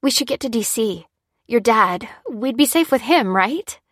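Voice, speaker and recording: A woman voicing a sharp, frightened young woman. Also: fairly high pitch, lively intonation, a little slow, no echo, studio quality, voice pushed up. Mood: alarmed. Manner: sharp, pressing.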